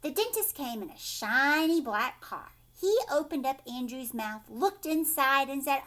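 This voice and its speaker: A woman teacher reads a picture book aloud to children with a high, animated voice. She stops often to ask her young listeners questions. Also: a little slow, hardly any pauses.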